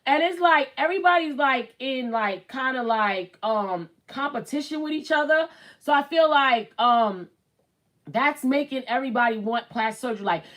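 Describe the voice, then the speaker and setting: A woman's voice: high voice, normal speed, a bit bright, poor audio. A woman in her late thirties hosting a casual livestream, chatting bluntly and reading out viewer comments. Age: late 30s. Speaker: show host.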